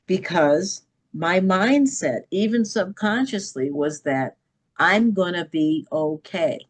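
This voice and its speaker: A woman's voice: lowish voice, animated, takes it slowly. A middle-aged woman, a podcast guest, telling a personal story with emphasis and often checking in with "okay?".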